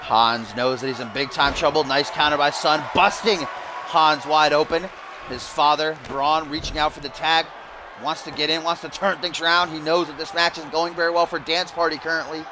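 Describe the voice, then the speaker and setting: A young man doing mock play-by-play commentary over a wrestling video game, bursting into shouts at big moves. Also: on the high side, fairly even intonation, normal speed. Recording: loud game crowd and noise behind. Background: loud arena crowd and game sounds.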